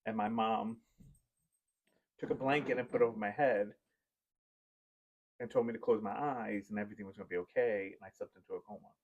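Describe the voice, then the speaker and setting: A man's voice: fairly low pitch, fairly even intonation, a little fast, pauses often, phone-quality sound. A man hosting a podcast and chatting casually, telling rambling, heartfelt stories as a parent. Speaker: podcast host. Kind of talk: casual chat.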